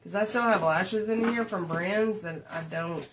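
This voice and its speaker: Background noise sits behind a middle-aged woman's mid-range, unhurried voice as she does her makeup on a livestream. Chatty and rambling, she tells stories and speaks to her viewers as "y'all."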